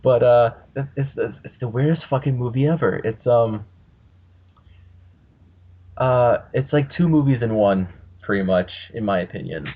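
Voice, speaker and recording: A man's voice: medium pitch, a little slow. A man hosting a casual podcast, rambling and swearing freely as he talks. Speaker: podcast host. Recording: muffled lo-fi audio.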